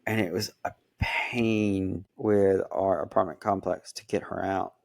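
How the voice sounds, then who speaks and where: A man with a fairly low voice tells a long story about his cat in a loose, conversational way. He slips into quoted back-and-forth as he goes, and the recording sounds close and dry. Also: measured pace, gravelly, dry recording. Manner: animated storytelling with quoted dialogue. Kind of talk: casual chat, pet story.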